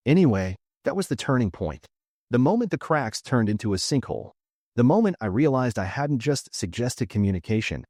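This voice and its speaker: A man's voice: medium pitch, darkish tone, no room sound. A young man narrating a scripted comic story in a dry, sarcastic way.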